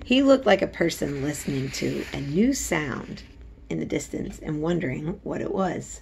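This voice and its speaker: Woman narrator reading a classic novel aloud, low and gravelly, measured delivery. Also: lively intonation. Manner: measured storytelling. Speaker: reader.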